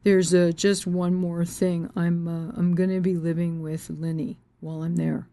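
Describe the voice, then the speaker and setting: A man's voice: on the high side, flat delivery, a little slow, dark tone. Woman voicing a hesitant, evasive boyfriend. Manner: hesitant, hedging with fillers. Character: adult male boyfriend, evasive and defensive.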